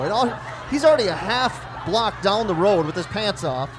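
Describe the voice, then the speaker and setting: Against a noisy background, a man with a high voice speaks at normal speed. The stand-up comedian, in his forties, spins self-deprecating stories about his daughters and acts out the family's dialogue.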